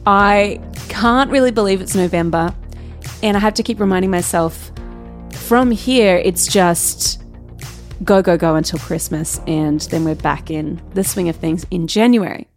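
A woman hosting her own business podcast. She talks casually and candidly, with quick asides and self-corrections. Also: fairly low pitch, soft background music. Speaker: podcast host. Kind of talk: casual solo podcast talk.

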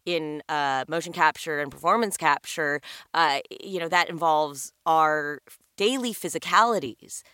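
A young woman voice actor chatting as a podcast guest, animated and acting out little sounds as she explains. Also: sits low, unhurried, clear, resonant tone, no room sound, studio quality. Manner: animated, acts out sounds and lines while explaining. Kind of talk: casual podcast chat.

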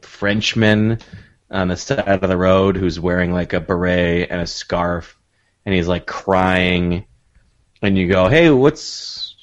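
A man's voice: sits low, flat delivery, slow pace, lo-fi sound. A man co-hosting a podcast in casual chat, riffing with dry, sarcastic jokes. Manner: dry, joking riffs, playful sarcasm. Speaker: podcast co-host.

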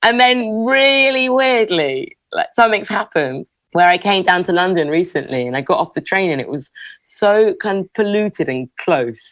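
A woman chatting casually as a guest, telling animated stories and laughing often. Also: medium pitch, normal speed, dry recording, poor audio. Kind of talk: casual chat.

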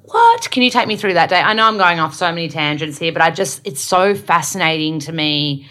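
A woman with a low voice hosts a podcast in casual chat. She talks in a gushing, rambling way that is full of filler words. Her questions wander off on tangents. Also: very animated, a little fast, a bit bright. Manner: effusive, rambling with many likes. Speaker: podcast host.

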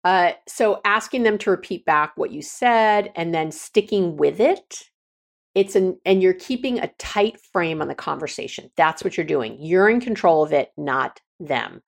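A woman's voice: fairly low pitch, lively intonation, unhurried, vocal fry. A middle-aged woman hosting a podcast, giving frank, casual relationship advice with many restarts and repeated words. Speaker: podcast host and counselor.

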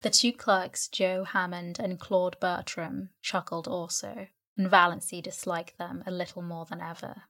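A woman narrating a classic novel as a bedtime sleep story, in an even storytelling manner. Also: fairly low pitch, a little slow, hardly any pauses. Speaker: audiobook narrator.

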